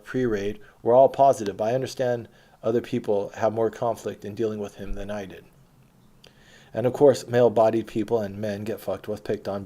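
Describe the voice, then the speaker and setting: A man's voice: on the low side, dark tone. A man reads his old posts aloud and comments on them in a rambling, blunt and profane way. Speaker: former protester recounting his past.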